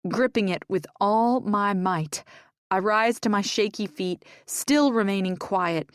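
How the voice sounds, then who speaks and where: A woman's voice: lowish voice, dry recording. A woman reading a first-person romance audiobook in a tense, emotional way, close to the mic. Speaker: audiobook narrator.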